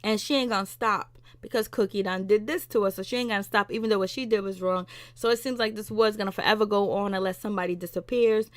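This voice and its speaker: A woman giving a casual, animated recap of a TV episode, retelling scenes with laughs and attitude, with some in her speech. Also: mid-range voice, fast talker, few pauses, no room sound. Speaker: TV recap vlogger.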